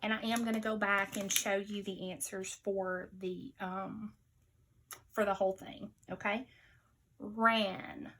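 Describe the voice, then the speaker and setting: A woman teacher giving a slow spelling dictation to young children, patiently repeating each word with care. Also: mid-range voice, level tone, fairly bright tone, a little hiss or hum, rough recording.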